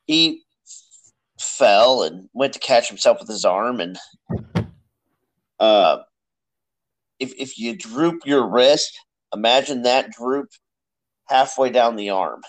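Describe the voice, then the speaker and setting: A man on a podcast as guest, telling stories in relaxed casual chat. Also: medium pitch, low-quality recording.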